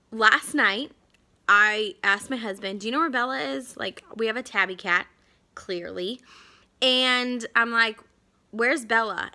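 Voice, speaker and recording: A young adult woman telling a story to camera in a chatty, animated way, full of "like" fillers. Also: on the high side. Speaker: vlogger.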